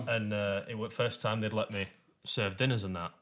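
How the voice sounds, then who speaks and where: A man's voice: on the low side, steady tone, moderate pace, noisy background. A young man, chatting bluntly on a podcast and swearing freely. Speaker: podcast co-host. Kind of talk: casual chat.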